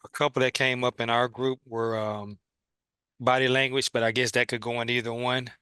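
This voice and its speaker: A man taking part in an online workshop over a video call, hesitant and filling pauses as he lists ideas. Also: medium pitch, flat delivery, bright, forceful tone, clear, resonant tone. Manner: hesitant, with fillers while listing ideas. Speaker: workshop participant.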